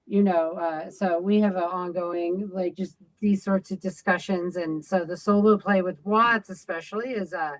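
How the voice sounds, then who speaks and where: A low-pitched woman chats as a guest designer, full of "like" and quick restarts. Her talk is relaxed and loose, with no set script. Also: low-quality recording. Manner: chatty, many fillers and restarts. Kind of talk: casual interview chat.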